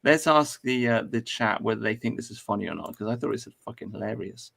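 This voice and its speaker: A man hosting a podcast in a casual, animated way, swearing freely and laughing easily. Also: medium pitch, brisk, creaky. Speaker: podcast host. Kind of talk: casual chat.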